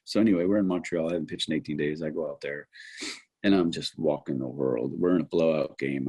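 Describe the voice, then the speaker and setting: A man in his fifties, a former pitcher, telling stories in a casual interview and acting out his own thoughts along the way. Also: slightly rough. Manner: animated storyteller who acts out his own remembered thoughts. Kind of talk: casual anecdotal storytelling.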